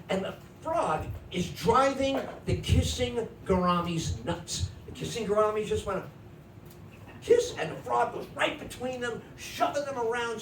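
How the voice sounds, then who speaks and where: On a comedy club stage, a middle-aged man delivers a stand-up story, voicing his family members and shouting the punchlines in an animated way. His pitch swings widely. The mic catches him from a distance in an echoey room, with noticeable noise.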